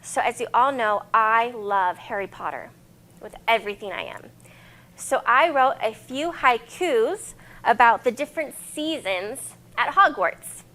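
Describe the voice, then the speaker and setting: A young woman with a slightly high voice leads a children's library lesson on poetry. She is cheerful and encouraging and claps out syllables with her young listeners. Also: a bit bright.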